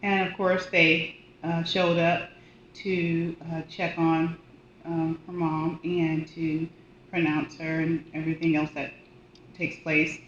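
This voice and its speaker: A woman volunteer recounts a story in casual, animated storytelling, acting out the voices of the people she describes. Her voice carries the echo of a roomy space. The audio is slightly dull, with a faint hiss underneath. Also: low-pitched, takes it slowly. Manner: animated, acts out quoted voices. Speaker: hospice volunteer and death doula.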